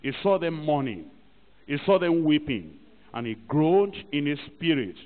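A man's voice: a little high, sing-song, a little slow. A man preaching a sermon emphatically and acting out little scenes from church life. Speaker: pastor. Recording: tinny archive recording in a reverberant hall.

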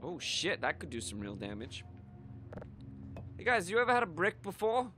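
A man playing a shooter and joking around, goofy and sweary, with sudden shouts. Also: sits high, big pitch swings, moderate pace, a little hiss or hum. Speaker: let's play gamer. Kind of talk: gaming commentary.

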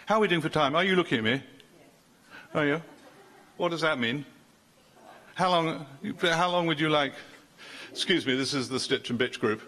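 A man's voice: on the high side, moderate pace, pauses often, background noise. An older man preaching a sermon in a chatty, joking way, often breaking off mid-sentence and teasing the congregation.

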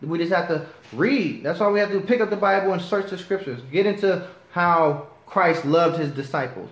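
A man's voice: high-pitched, moderate pace. A man preaching a sermon to a class, reading scripture and pressing his points with passion that turns to righteous anger. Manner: impassioned, rising to righteous anger. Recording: echoey room.

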